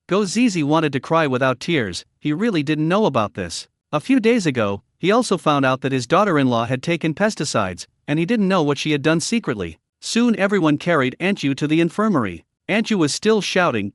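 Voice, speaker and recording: Lively high-pitched male recap narrator. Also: fairly quick, few pauses, dry recording, studio quality.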